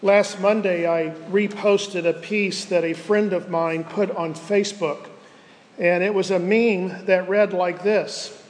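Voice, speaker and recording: High-voiced pastor preaching in a reverberant hall. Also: male voice, steady tone, slight background noise. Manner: earnest, measured preaching with slowed emphasis. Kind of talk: sermon.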